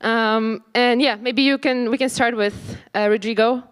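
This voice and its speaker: A woman's voice: a little high, fairly even intonation, a little slow, clean tone. A woman moderating a conference panel in a casual way, often saying like and laughing.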